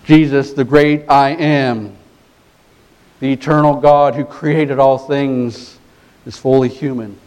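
A man's voice: mid-range voice, steady tone, slow pace, a little mellow, poor audio. Man, pastor, sermon, earnest, emphatic, repeats phrases for weight.

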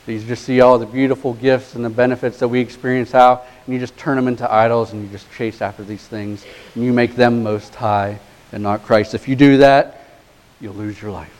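Male pastor, mid-range voice, sermon delivery that shifts from hushed to emphatic, with slow, deliberate stress on key words. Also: steady tone, low-quality recording. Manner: swings from hushed, low passages to rising, emphatic exhortation.

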